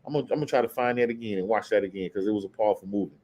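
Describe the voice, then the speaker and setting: A man leading a casual scripture study, talking loosely and reading Bible verses slowly and deliberately. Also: fairly low pitch, darkish tone. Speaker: Bible teacher.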